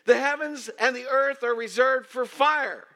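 A man voicing a fervent male street preacher who yells warnings of fire and judgment through a bullhorn. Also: fairly high pitch, sing-song, normal speed, gravelly, exaggerated voice. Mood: fervent yelling.

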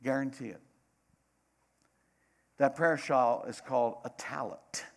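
A middle-aged man preaching a sermon, dramatic, swinging between loud bursts and hushed asides. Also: medium pitch, steady tone, slow pace, creaky.

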